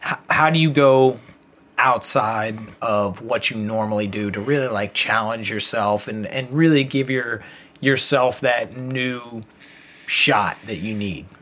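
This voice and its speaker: A man hosting a casual talk, asking a relaxed and thoughtful question with some swearing. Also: mid-range voice, a little slow. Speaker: podcast host. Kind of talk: casual chat.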